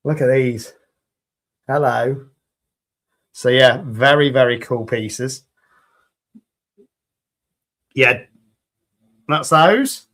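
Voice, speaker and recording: A man with a British accent chatting enthusiastically on a live stream while demolding resin pieces, a little croaky after hours of talking. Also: medium pitch, slow, pauses often, a bit bright. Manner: chatty and enthusiastic, greeting viewers.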